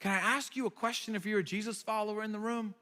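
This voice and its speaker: Bright-voiced pastor preaching in a hall. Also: male voice, sits high, fairly even intonation, quick pace. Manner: conversational, emphatic, playful asides. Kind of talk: sermon. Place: church hall. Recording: reverberant hall.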